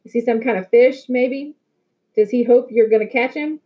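A woman's voice: fairly high pitch, moderate pace, narrow, tinny audio, natural voice. A woman voicing a sneering teen bully. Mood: taunting. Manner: taunting, sneering, loud. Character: swaggering teenage boy bully, mocking.

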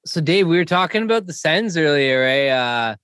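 Guy on a hockey podcast, higher voice, super dry sound, teasing and laughing. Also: lively intonation, normal speed, fairly bright tone, clear, resonant tone, no room sound. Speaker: podcast co-host. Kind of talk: casual chat about hockey.

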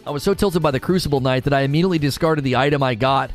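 A man chatting casually on a livestream, animated, ranting and laughing often. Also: medium pitch, racing, faint music behind. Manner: animated, rants and laughs a lot. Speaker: streamer.

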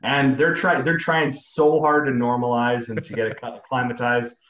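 A man's voice: mid-range voice, normal speed. A man from Western Canada co-hosting a podcast, telling stories with an easy laugh. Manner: laughing, animated storyteller. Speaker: podcast co-host. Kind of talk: casual podcast chat. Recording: roomy, dull-sounding mic.

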